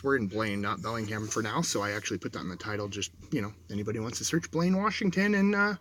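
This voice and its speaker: A man's voice: fairly low pitch, expressive, fast talker, hardly any pauses, fairly bright tone, slight background noise. A man livestreaming from inside a vehicle, telling a story in a rambling, shaky way, full of restarts and self-corrections. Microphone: dashboard camera.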